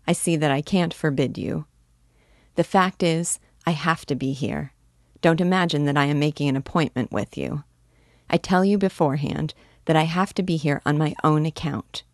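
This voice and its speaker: A woman voicing a frank, cautious young woman in an audiobook reading, measured and gently firm. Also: sits low, no room sound, clean studio sound.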